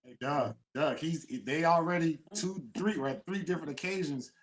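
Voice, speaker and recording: A man's voice: on the high side, moderate pace. A man who is a guest on a talk show, speaking earnestly and with emphasis. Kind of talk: casual talk show chat.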